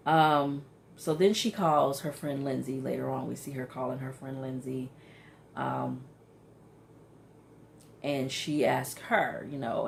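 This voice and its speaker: Low gravelly lady vlogger going over a reality show ep, lots of ums and "are you serious", faint hiss behind. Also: slow pace. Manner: animated, exclaims in disbelief, frequent ums. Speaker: TV recap vlogger. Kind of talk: casual reality-show recap.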